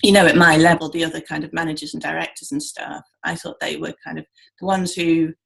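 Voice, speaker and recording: Brief: woman interview host, lowish voice with gravelly fry, reflective, laughs easily, self-correcting. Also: flat delivery, fast talker, a bit bright. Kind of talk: conversational interview.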